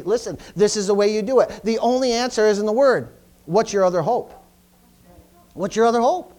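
A pastor preaching a sermon to his congregation, emphatic and repetitive, stumbling over restarts and calling out for amens. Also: sits high. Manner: emphatic, repetitive, stammering restarts, call-and-response. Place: church service.

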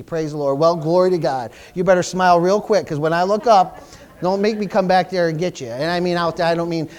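A pastor preaching a sermon to his congregation, emphatic and repetitive, stumbling over restarts and calling out for amens. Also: high voice. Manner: emphatic, repetitive, stammering restarts, call-and-response. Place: church service.

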